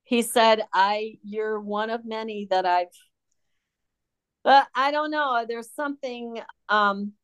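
A woman's voice: on the high side, fairly even intonation, takes it slowly, a bit bright, clean tone. A middle-aged woman from Michigan, a guest telling her story in a frank, blunt, sardonic conversational way. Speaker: interview guest.

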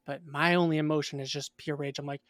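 A young man in his twenties, a guest in an interview, telling a personal story in a casual, animated way. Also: a little high, fast talker, no echo, studio quality.

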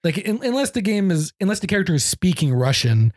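A man's voice: high voice, big pitch swings, quick pace, no room sound, studio quality. A man co-hosting a casual chat, laid-back, joking and skeptical. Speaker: podcast co-host. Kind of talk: casual chat about video games.

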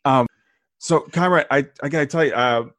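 A man's voice: mid-range voice, moderate pace, no room sound, studio quality. A man hosting an interview over a video call, thanking his guest with stammering restarts. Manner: warm, appreciative, stammering restarts. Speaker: host. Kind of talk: interview wrap-up.

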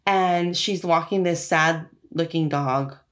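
A woman on a podcast walks through a film's plot in loose, chatty talk. She tells it with animated energy and a free mouth, swearing casually as she goes. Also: low-pitched, takes it slowly. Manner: animated storytelling, swears freely. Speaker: podcast co-host recapping a film. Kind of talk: casual chat.

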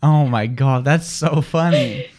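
A woman's voice: rumbling low, slow, darkish tone. A woman co-hosting a live morning radio show, playful and goofy, laughing often. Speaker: radio co-host.

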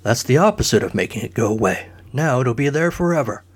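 A man's voice: medium pitch, lively intonation, brisk, husky. A man voicing a blunt, crude male king in a comic story. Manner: blunt, grunting.

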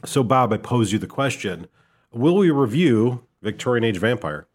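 A man co-hosting a podcast with a Midwestern American accent, talking in a relaxed, rambling, self-deprecating way. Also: medium pitch, moderate pace. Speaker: podcast co-host. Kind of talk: casual chat.

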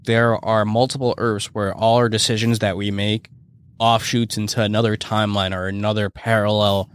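Male podcast co-host, low voice, loose rambling casual chat, swears freely. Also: flat delivery, moderate pace, clear, resonant tone, dry recording. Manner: rambling, heavy use of "like" and swearing.

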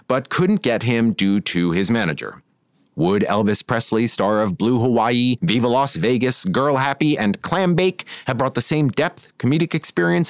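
A man's voice: medium pitch, no room sound, clean studio sound. A man hosting a podcast, chatting casually in a wry, playful way. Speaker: podcast host. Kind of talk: casual chat.

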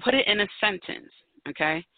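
A woman's voice: mid-range voice, expressive, normal speed, no echo. A woman in her thirties hosts her own podcast. She talks in a chatty, emphatic way and leans hard on her key points. The sound is tinny and narrow like a phone line, and very dry. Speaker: podcast host. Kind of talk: solo podcast talk.

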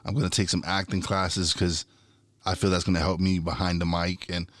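In a dry recording, a low-voiced man speaks a little fast. He's a podcast and radio host in casual conversation on his own show, cursing openly and growing fired up, often repeating himself and starting words over.

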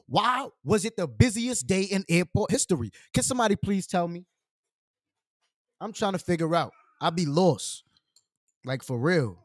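A man hosting a casual livestream, talking in animated slang while eating. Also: high-pitched, normal speed, no room sound, studio quality. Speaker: livestream host.

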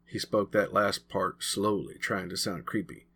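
A man's voice: sits low, steady tone, a little slow, vocal fry, a bit bright, husky. Man reading his own novel aloud. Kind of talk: audiobook-style narration.

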